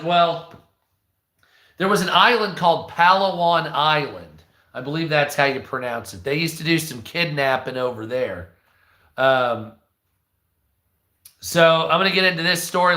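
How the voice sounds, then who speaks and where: American guy ranting on a live stream, bright voice, cusses a lot, talks back to chat, room echoes. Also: on the high side. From United States. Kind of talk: casual ranting commentary.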